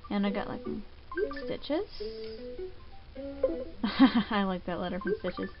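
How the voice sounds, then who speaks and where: A woman's voice: mid-range voice, slow, highs cut off. Chatty woman gamer over game music. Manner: chatty, relaxed, lots of "um" and "like". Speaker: gaming channel host. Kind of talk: casual Let's Play commentary.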